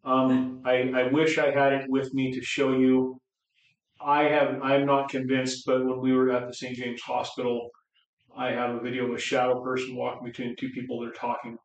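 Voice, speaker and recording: A man guest investigator with a husky voice in casual chat, hesitant and understated, recorded on location inside an old hospital. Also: mid-range voice, monotone, normal speed, recorded from a distance. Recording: echoey room, speaker off-mic.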